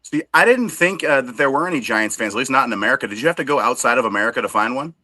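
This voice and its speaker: Brief: wisecracking man, bright lively delivery, dry mic. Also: medium pitch, rapid-fire, no room sound. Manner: wisecracking, self-deprecating. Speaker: podcast co-host. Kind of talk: casual banter show.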